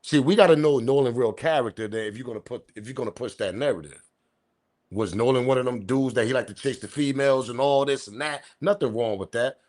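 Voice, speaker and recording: A man's voice: medium pitch, brisk, darkish tone. A man hosting a live-stream commentary show, talking in incredulous, argumentative street slang. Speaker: commentary channel host.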